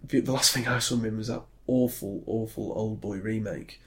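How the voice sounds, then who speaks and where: A man's voice: on the low side, fairly even intonation, normal speed. A British man co-hosting a casual podcast about films. He rambles, with lots of ums and restarts. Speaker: podcast co-host. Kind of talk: casual film chat.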